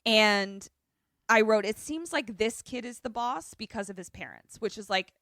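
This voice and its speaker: A woman's voice: fairly high pitch, normal speed, dry recording, clean studio sound. A woman podcast co-host recapping a movie in casual chat, swearing freely and acting out the characters' lines. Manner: animated storytelling, swears freely, acts out quotes.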